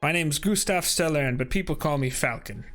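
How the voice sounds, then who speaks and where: A man's voice: fairly high pitch, normal speed, fairly bright tone, natural voice. Man playing burly confident warrior lord, hearty, generous, faint music behind.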